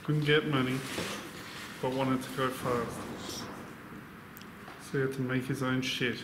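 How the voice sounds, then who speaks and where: A man's voice: medium pitch, level tone, measured pace. A man with an Irish accent working on a car in a workshop, giving dry, blunt answers in casual banter. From Ireland. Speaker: mechanic building the car. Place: echoey workshop garage. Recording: echoey garage, background noise.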